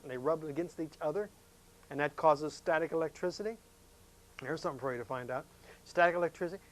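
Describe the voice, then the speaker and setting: Folksy man teaching a science lesson. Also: on the high side. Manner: folksy, chatty, asks questions of students. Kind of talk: classroom lesson demonstration.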